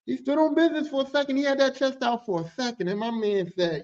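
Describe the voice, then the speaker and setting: High-voiced, profane storytelling man. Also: quick pace. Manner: profane, animated, rambling. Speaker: podcast host and work-site boss. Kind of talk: casual storytelling. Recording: dull lo-fi audio.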